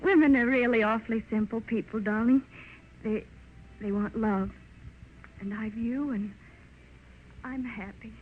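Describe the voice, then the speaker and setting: An actress in 1930s radio drama playing a young newlywed wife, loving and wistful, with an emotional delivery. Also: female voice, fairly high pitch, fairly even intonation, unhurried, pauses often, slight background noise, close to an everyday voice. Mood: tender. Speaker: lead actress. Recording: tinny 1930s radio broadcast with music.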